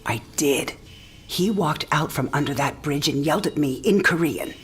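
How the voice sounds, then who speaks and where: An actress playing a frank, tender mother in her sixties who is dying, speaking in a breathy half-whisper in a game cinematic. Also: low-pitched, lively intonation, normal speed, a little hiss or hum. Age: 60s. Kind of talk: video game cinematic acting.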